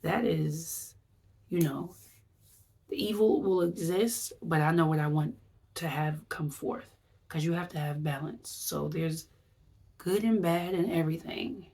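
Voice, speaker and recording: A woman's voice: sits low, a little slow, darkish tone, husky. A woman wellness vlogger giving a chatty, rambling recap, acting out her reactions as she talks. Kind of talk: casual vlog recap.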